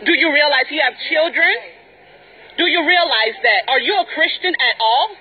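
Furious high-voiced woman shouting accusations. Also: animated, moderate pace, phone-quality sound. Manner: furious, accusing, repeats insults. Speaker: wife confronting a rival. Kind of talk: heated confrontation.

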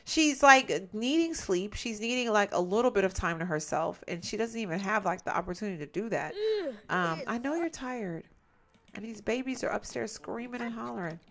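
A woman's voice: mid-range voice, normal speed, gravelly, a bit bright. A woman giving casual let's-play commentary, chatty and exasperated, often talking to her viewers as "y'all". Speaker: gameplay commentator.

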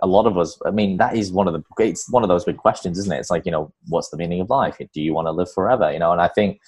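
A man's voice: sits low, fast, a little mellow, slightly rough, soft background music. A man with an English accent hosting a podcast interview in an enthusiastic, rambling way with lots of fillers. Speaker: podcast host. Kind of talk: casual interview chat.

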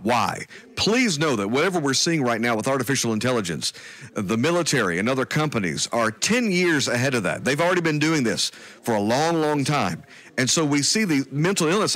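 Man, guest preacher, earnest, emphatic, mid pitch. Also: fairly bright tone. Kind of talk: preaching on a talk show.

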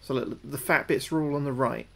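A British man with a gravelly, creaky voice at a middle pitch, commenting live on a game as he plays. He chats as he goes, says the same phrase twice over and thanks his viewers between moves. When something spooks him he gets jumpy and loud. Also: steady tone, a little fast. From United Kingdom. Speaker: gaming livestreamer.

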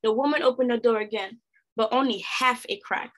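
A woman reading a storybook aloud expressively as a teacher, pausing to pose questions to her listeners. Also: fairly high pitch.

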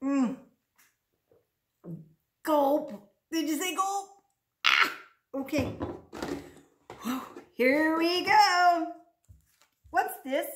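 A woman speech therapist runs a practice lesson for children from a room at home, her high voice expressive and very slow, with long pauses. She's playful and exaggerated in a sing-song teacher voice, and the echoey recording has a noisy background.

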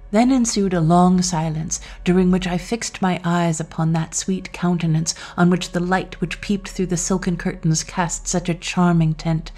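A woman narrating a classic story calmly and expressively, as a scripted audiobook reading. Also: lowish voice, normal speed, few pauses.

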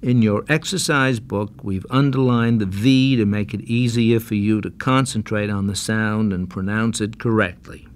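A man giving slow, carefully enunciated pronunciation lessons, patiently repeating words for drill, on a 1970s language-course record. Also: fairly low pitch. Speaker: pronunciation teacher. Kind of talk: slow, deliberate instructional narration.

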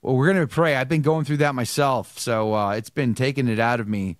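A man's voice: mid-range voice, fairly even intonation, a little fast, no room sound, studio quality. A man hosting a live show, greeting viewers by name and chatting with a priest guest. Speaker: host. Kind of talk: livestream greetings and chat.

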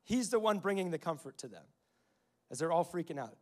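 A young man, somewhere in his twenties or thirties, preaches a sermon as a pastor, telling stories conversationally and quoting scripture. His voice sits fairly high, with lively intonation and a brisk pace broken by long pauses.

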